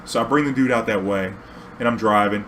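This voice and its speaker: A young man, a former cab driver, telling a loose, profane story from his driving days. His voice sits on the low side, and he keeps looping back and restarting. He laughs often as he goes. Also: a little fast, a bit bright, a little hiss or hum. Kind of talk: casual storytelling vlog.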